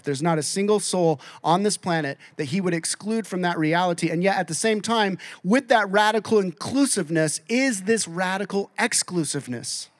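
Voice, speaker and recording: A man preaching a sermon, acting out quoted voices and swinging between loud and soft. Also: sits high, moderate pace, no room sound. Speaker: pastor.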